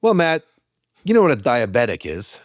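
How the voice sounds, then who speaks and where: A man's voice: mid-range voice, wildly swooping pitch, normal speed, no echo. Dry-witted man co-hosting a podcast. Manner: dry, wordplay-loving joker. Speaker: podcast co-host. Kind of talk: casual comedic podcast chat.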